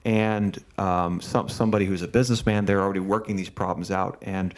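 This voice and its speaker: A man from Pennsylvania hosts a podcast interview and wanders through his points with a lot of restarts. His voice sits low, and his talk is casual and unscripted. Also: fairly even intonation, fairly quick. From Berks County, Pennsylvania. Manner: rambling, many fillers and restarts. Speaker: podcast host. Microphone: camera setup, host seen.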